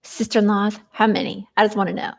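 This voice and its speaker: A woman's voice: mid-range voice, flat delivery, fast talker, creaky. A woman vlogging in a rambling, hesitant way, full of fillers, venting about family troubles. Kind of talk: rambling personal vlog.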